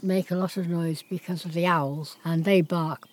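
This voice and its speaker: A woman's voice: fairly low pitch, steady tone, moderate pace. A woman farmer speaking plainly in casual chat and imitating sounds as she explains. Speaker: farmer interviewee.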